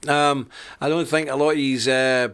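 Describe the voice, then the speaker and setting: A man's voice: mid-range voice, steady tone, moderate pace, a bit bright, smooth. An older Scottish man hosting a live online show, talking in a chatty, joking way and reading out viewer comments. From Scotland. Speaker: host of a live web show. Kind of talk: live-stream monologue.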